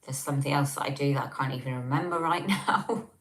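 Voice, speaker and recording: A woman's voice: extremely low pitch, fast talker, fairly bright tone. A woman with an English accent hosting a casual livestream at home, reading comments and chatting with lots of ums, recorded on a tablet on a table. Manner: chatty, rambling with many ums. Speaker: livestream host.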